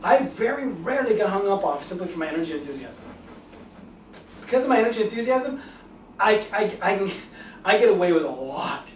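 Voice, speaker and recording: A man giving a lively sales seminar talk to an audience, acting out phone calls with enthusiasm. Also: high voice, brisk, pauses often, a little hiss or hum. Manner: enthusiastic, animated, acts out both sides of calls. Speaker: real estate agent giving a sales talk. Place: meeting room in front of an audience. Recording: echoey room, mic from a distance.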